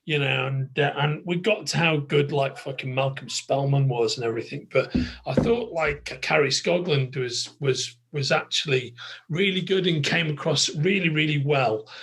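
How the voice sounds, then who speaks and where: A man's voice: a little high, normal speed, fairly bright tone, slightly rough. A man co-hosting a podcast in casual chat, teasing and laughing often. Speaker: podcast co-host.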